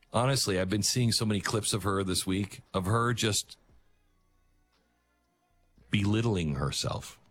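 Male talk host, low husky voice, earnest and emphatic, swings his pitch a lot. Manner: earnest and emphatic, halting restarts. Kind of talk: talk radio monologue.

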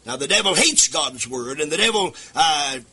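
Fervent singsong preacher man, bright and husky. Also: fairly high pitch, lively intonation, moderate pace. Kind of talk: radio sermon. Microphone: microphone at a desk.

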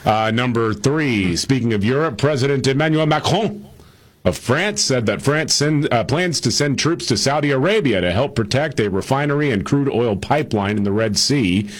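A man's voice: mid-range voice, animated, moderate pace. Chuckling male radio host reading news. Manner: chuckling, hesitant fillers. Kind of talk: news rundown with banter.

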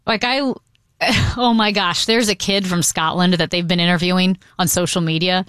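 A woman's voice: lowish voice, moderate pace, smooth, dry recording. A woman co-hosting a talk radio show in the studio, chatting casually and animatedly. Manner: chatty, animated, puts on accents for fun. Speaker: radio co-host. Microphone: studio microphone.

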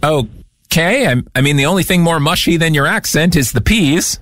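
A man's voice: on the high side, lively intonation, normal speed, fairly bright tone, dry recording. A man hosting a radio show, bantering playfully with a caller in a teasing, jokey way. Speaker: radio host.

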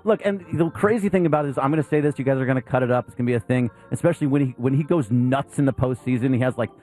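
Sports radio co-host, man, medium pitch, blunt and animated, faint music underneath. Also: very fast. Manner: blunt, animated, mocks players with put-on whiny voices. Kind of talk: casual sports talk.

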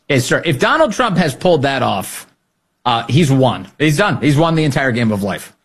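Husky-voiced sarcastic male political host. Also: mid-range voice, moderate pace. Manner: sarcastic, animated, laughs often. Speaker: podcast host. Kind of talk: political commentary.

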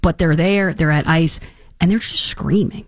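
A woman hosting a talk show, giving casual political commentary in a sarcastic, mocking and animated way. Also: low voice, normal speed, no echo.

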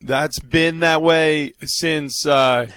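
A man on a casual sports talk panel, halting and wry, often restarting his sentences. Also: a little high, steady tone, fairly bright tone, clean tone, dry recording.

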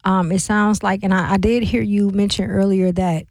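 A woman's voice: medium pitch, steady tone, normal speed, darkish tone, no room sound. Encouraging woman radio host. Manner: affirming, encouraging. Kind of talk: radio interview and station patter.

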